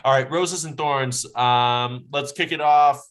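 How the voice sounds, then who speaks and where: A young man hosting a casual chat podcast, quick and animated, leaning into quotes with put-on voices. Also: medium pitch. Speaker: podcast host.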